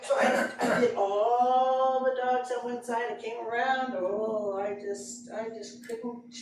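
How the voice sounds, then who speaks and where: Slow, expressive woman storyteller in an echoey hall. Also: on the high side, a crowd in the background. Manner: expressive, acts out the scene with voices. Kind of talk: live storytelling performance. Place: live storytelling event in a room with an audience. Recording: very echoey room, far mic, audible ambience. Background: room ambience and audience laughter.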